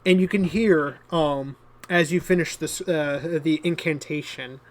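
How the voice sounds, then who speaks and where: A man's voice: a little high, measured pace. A man narrating as game master of a tabletop game, with a hesitant delivery full of fillers.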